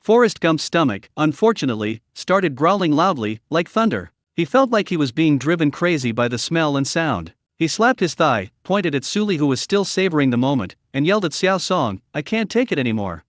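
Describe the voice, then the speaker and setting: Male narrator for a story recap, animated and a bit high, dry voice-over. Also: normal speed, hardly any pauses, dry recording.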